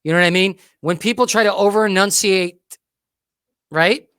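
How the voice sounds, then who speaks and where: A man hosting a talk show in casual chat, upbeat and quick to laugh. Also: sits high, fairly bright tone, smooth, dry recording, clean studio sound. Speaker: host.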